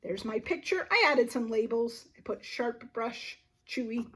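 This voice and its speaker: A first grade teacher, a woman, leading a phonics lesson for young children and sounding out words slowly, with little gasps of discovery. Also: fairly high pitch, expressive, pushed and bright, far from the mic, a little hiss or hum.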